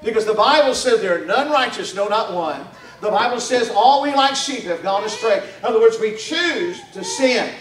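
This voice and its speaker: A man's voice: high-pitched, animated, normal speed. A man presents the gospel to families, using call-and-response and folksy rhetorical questions. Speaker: mission director preaching. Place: church hall at a Christmas party. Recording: echoey room, far from mic.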